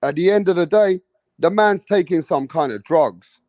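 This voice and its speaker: A man's voice: high-pitched, normal speed, darkish tone, no echo. A young British man, hosting a boxing channel and ranting heatedly to his viewers, swearing and repeating himself. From Britain. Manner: heated, profane, repetitive, addresses viewers directly. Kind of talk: ranting commentary video.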